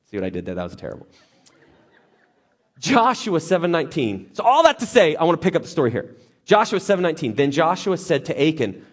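Animated, jokey male preacher. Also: fairly high pitch, brisk, slightly rough. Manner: animated, jokey, acts out characters. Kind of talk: storytelling sermon.

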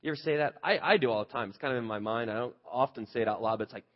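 A man's voice: mid-range voice, racing, few pauses, muffled recording. A male pastor preaching a conversational sermon, earnest and candid, asking the listeners rhetorical questions.

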